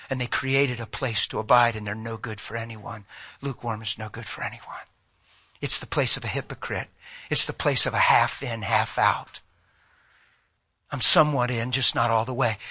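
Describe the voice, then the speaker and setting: A middle-aged man with a medium-pitched voice preaches a sermon, emphatic and direct as he urges his listeners on. He swings between loud passages and hushed ones.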